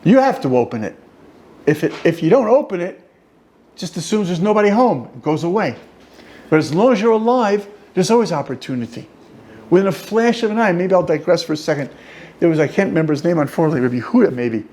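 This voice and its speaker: A man teaching an informal class as a rabbi, an animated storyteller who jokes and goes off on asides. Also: high-pitched, fast talker. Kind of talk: informal lecture. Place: study hall.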